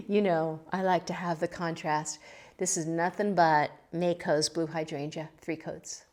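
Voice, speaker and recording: A woman's voice: on the low side, fairly even intonation, slow pace, a little mellow. A middle-aged woman from California chatting casually about her pottery and a local winery, emotional and laughing as she fights back tears. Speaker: pottery vlogger. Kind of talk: casual chat.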